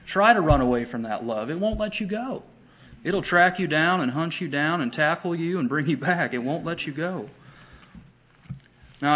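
A male pastor preaching a sermon to his church, earnest, slowing and swelling when he reads scripture aloud. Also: fairly high pitch, a bit bright, low-quality recording. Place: church sanctuary.

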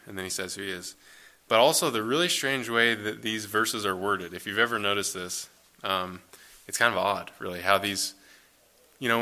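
A man preaching a conversational sermon, reading scripture aloud and then explaining it in a relaxed way with fillers. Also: lowish voice.

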